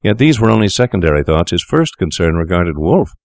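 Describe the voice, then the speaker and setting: A man narrating a story in a measured, grave manner. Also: deep voice, sing-song, gravelly, no room sound, studio quality. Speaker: audiobook narrator. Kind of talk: scripted narration.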